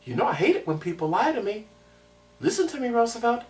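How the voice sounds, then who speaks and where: A man's voice: on the high side, very animated, slow. A man doing a stern, menacing schoolteacher. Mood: angry. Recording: roomy sound from a distant mic.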